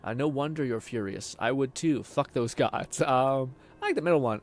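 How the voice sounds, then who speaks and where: A young man streaming a game, chatting excitably, swearing, laughing and reading chat aloud. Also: medium pitch, normal speed, hardly any pauses. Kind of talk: casual game commentary.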